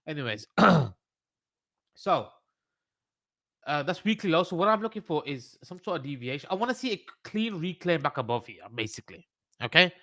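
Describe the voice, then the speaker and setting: A man's voice: a little high, big pitch swings, moderate pace, pauses often, pushed and bright, no echo, studio quality. A man with a Birmingham accent hosting a trading livestream, talking through charts in a rambling, casual way, swearing and joking with his chat. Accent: Birmingham English.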